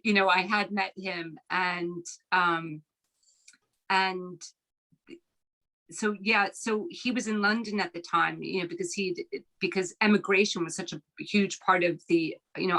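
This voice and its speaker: A woman's voice: lowish voice, steady tone, normal speed, a bit bright, poor audio. A woman in her fifties with an American accent and an Irish lilt, chatting as an author guest over a video call. She laughs often and restarts her sentences. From Philadelphia, USA. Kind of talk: casual interview chat. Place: at home on the Irish coast.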